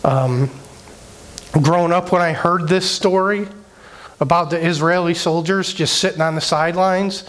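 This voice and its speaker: A middle-aged youth director telling an emotional personal story in a conversational sermon, with many fillers. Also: male voice, fairly high pitch, steady tone, measured pace, a bit bright.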